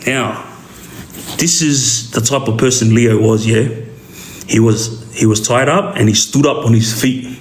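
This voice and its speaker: A man with an Australian accent telling a street story in a casual, animated way, often checking in with the listener. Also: mid-range voice, a little slow. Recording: roomy echo.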